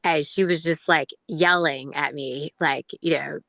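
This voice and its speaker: A woman's voice: low-pitched, steady tone, unhurried, creaky, pushed and bright, no echo. A woman chatting in a book club, hedging her points with lots of "like" and "you know.". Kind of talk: casual group discussion.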